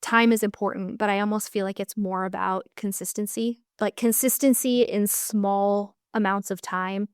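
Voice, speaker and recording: A woman's voice: medium pitch, fairly even intonation, moderate pace, hardly any pauses, clean tone, no echo, studio quality. An American woman co-hosting a casual podcast about dance, thoughtful and encouraging, laughing often. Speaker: co-host, dance instructor.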